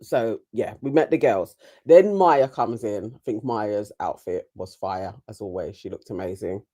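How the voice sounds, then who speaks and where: A woman's voice: a bass voice, unhurried, dark tone, breathy edge. A woman co-hosting a casual chat, chatty and giggly, laughing often. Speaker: co-host reviewing a reality show.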